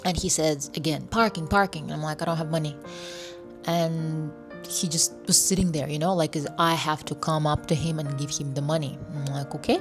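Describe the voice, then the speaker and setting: A woman's voice: deep voice, normal speed, music in the background. Chatty woman vlogger telling a travel story. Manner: animated, acts out voices of people she met. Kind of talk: casual storytelling vlog.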